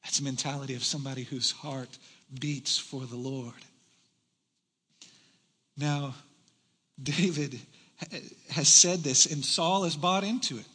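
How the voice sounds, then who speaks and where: A man preaching a sermon in a church, animated and joking with the congregation as he goes. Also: medium pitch, a little slow, long pauses, breathy edge, long reverb tail. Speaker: pastor. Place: church hall.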